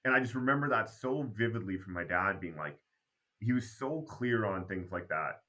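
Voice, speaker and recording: A man's voice: lowish voice, normal speed. A man from Canada, a basketball program founder, telling stories in a casual interview and acting out remembered dialogue. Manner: animated storyteller who acts out remembered dialogue.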